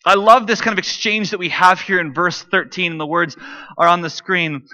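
A man's voice: sits high, fairly even intonation, normal speed, sharp tone, highs cut off. A man preaching a sermon from the stage, conversational and dropping joking asides to the congregation. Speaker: pastor.

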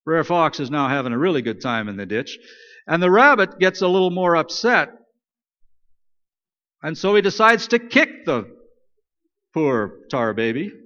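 Man, pastor, conversational sermon, fairly high voice, long hall reverb, dull sound. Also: normal speed, pauses often. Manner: conversational, joking, animated storyteller. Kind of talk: sermon with storytelling. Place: church.

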